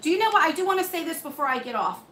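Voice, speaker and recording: Woman, live-stream beauty host, chatty, bright voice, echoey home room. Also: very high-pitched, animated, very fast, a little hiss or hum. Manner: chatty, reads and answers comments. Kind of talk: live stream chat with viewers. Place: home room under hot lights.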